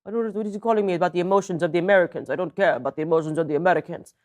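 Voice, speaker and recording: A woman voicing a dismissive male Russian leader, with a put-on, exaggerated Russian accent and curt, deadpan refusals. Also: fairly low pitch, racing, lightly acted. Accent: mock Russian accent.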